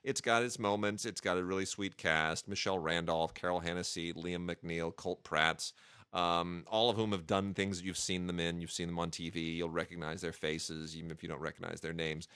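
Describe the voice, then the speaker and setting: A man's voice: low voice, level tone, normal speed, sharp tone, clean tone, no echo, studio quality. A man hosting a podcast, chatting casually and wryly with lots of fillers and restarts. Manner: wry, joking, many fillers and restarts. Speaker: podcast host reviewing home video releases. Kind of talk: casual chat.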